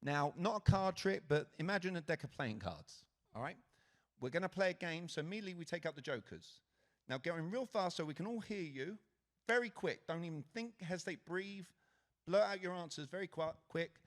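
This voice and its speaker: A man from Britain giving a lively stage talk at a conference, engaging the audience with questions. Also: high voice, a little fast. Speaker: conference speaker. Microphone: handheld stage mic.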